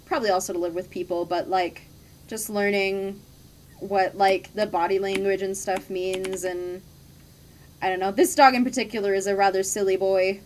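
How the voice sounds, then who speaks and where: A young woman chats through a game stream in a relaxed, rambling way, laughing often. Her voice sits at a middle pitch. Faint keyboard clicks are heard under her talk. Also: normal speed, a little hiss or hum. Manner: chatty, laughs often, swears casually. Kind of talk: casual gaming stream chat.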